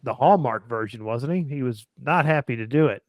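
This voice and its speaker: A man's voice: mid-range voice, lively intonation, brisk, darkish tone, no echo, clean studio sound. A man hosting a casual film discussion, rambling with many fillers and restarts. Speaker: podcast host.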